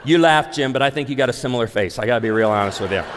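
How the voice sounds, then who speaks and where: A pastor in his forties preaching a humorous, story-driven sermon to a live audience, animated and acting out dialogue. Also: mid-range voice, very fast, slight background noise. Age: 40s. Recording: long hall reverb.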